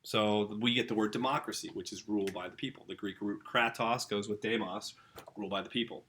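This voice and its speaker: Bright-voiced enthusiastic male teacher. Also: on the low side, steady tone, brisk. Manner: enthusiastic, chatty, addresses the kids directly. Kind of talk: informal home-school lesson.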